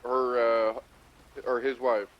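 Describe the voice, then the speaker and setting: A man's voice: medium pitch, flat delivery, slow, a little hiss or hum. A man roleplaying an officer giving a matter-of-fact report over the radio in a game roleplay. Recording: dull radio line.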